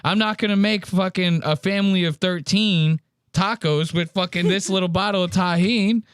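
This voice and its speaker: A man's voice: high-pitched, moderate pace, fairly bright tone, smooth, no echo, clean studio sound. A man hosting a podcast and reacting to clips in casual, profane, joking commentary.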